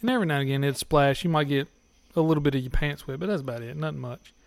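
A podcast guest tells crude stories in casual chat and keeps breaking into laughter as he talks. His voice sits a little high for a man, and it is recorded dry and close, with no room sound. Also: racing, gravelly, no echo. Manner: laughs often while telling, crude humor.

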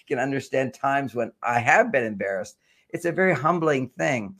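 Gravelly older man explaining relationships. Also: medium pitch. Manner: explains with generalizations and anecdotes. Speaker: guest author on relationships. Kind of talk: talk show interview.

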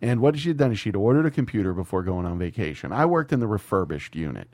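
A man's voice: on the low side, very animated, fast talker, darkish tone, dry recording. A man hosting a podcast, telling rambling, profane stories in casual chat. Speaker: podcast host.

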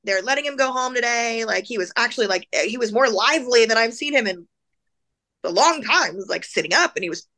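A woman speaking as an interview guest, telling an emotional personal story in a casual, animated way. She fills her speech with "like"s and acts out the voices of the people in her story. Her voice is bright and a little high for a woman. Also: a little fast. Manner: casual, filler-heavy speech with many "like"s.

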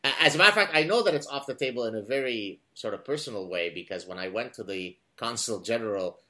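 A middle-aged man from Lebanon hosting a conversational interview, telling animated stories with many fillers and restarts. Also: on the low side, quick pace. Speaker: podcast host.

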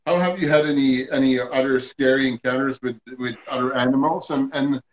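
A man's voice: mid-range voice, steady tone, a little fast. A man interviewing a guest, asking questions hesitantly with many fillers. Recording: dull, lo-fi sound with faint noise.

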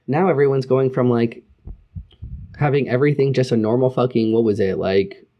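A man co-hosting a casual online show, swearing freely and grumbling about slow tech while chatting through news. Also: medium pitch, muffled recording. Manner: profane, animated, grumbling. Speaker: podcast co-host. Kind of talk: casual chat.

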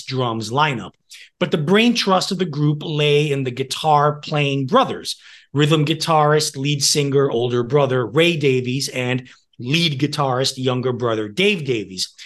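A man's voice: fairly high pitch, unhurried, fairly bright tone. A man co-hosting a music history podcast, reading prepared notes with casual asides and the odd laugh. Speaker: podcast co-host.

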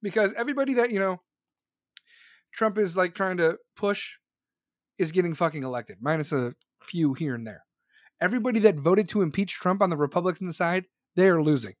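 A man's voice: sits high, expressive, fairly quick, dry recording. A man ranting heatedly about politics on a live stream, swearing constantly and sneering sarcastically, close to the mic. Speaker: political commentator streaming to viewers. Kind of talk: profane live-stream rant.

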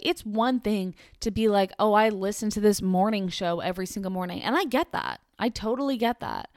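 A woman's voice: medium pitch, no echo, clean studio sound. A young woman in her twenties hosting a casual solo podcast, rambling chattily with lots of "like" and restarts. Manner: chatty, rambling, heavy use of "like". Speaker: podcast host.

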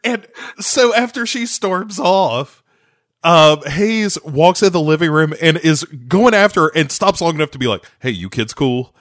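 A man co-hosting a relaxed podcast, retelling a TV episode scene by scene. He jumps into the characters' voices as he goes and swears freely. The sound is close and dry. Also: high voice, unhurried, dry recording. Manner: animated retelling, acting out characters' lines. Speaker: podcast co-host. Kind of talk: casual chat recapping a TV episode.

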